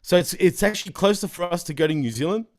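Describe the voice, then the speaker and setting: A man with an Australian accent, a podcast guest talking in an animated, slangy way with plenty of swearing, often slipping into other accents. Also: high voice, fast talker. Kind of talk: casual chat.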